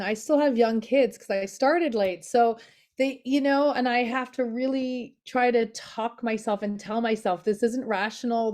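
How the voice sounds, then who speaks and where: A woman's voice: mid-range voice, a little mellow. A woman sharing her experience in a group session, talking hesitantly with many fillers. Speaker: participant.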